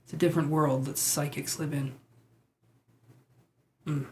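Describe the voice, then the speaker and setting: His voice sits on the high side, with a dark tone, flat delivery and measured pace, plus a bit of hiss or hum. He's a chatty tarot streamer who talks loosely, wanders between thoughts, and answers viewer comments in an easygoing, unscripted way through a simple streaming mic.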